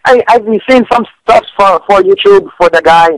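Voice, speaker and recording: A man, chatting on a comedic radio show in broken English, with lots of stammered restarts and sudden jumps in pitch. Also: moderate pace, no echo, rough recording. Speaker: fight picks guest. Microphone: studio radio mic.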